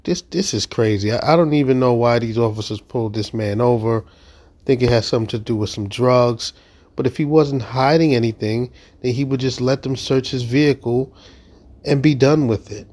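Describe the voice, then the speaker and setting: A man's voice: medium pitch, normal speed, a little mellow. A man giving casual, incredulous commentary over a video clip. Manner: incredulous, judgmental. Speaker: reaction commentator.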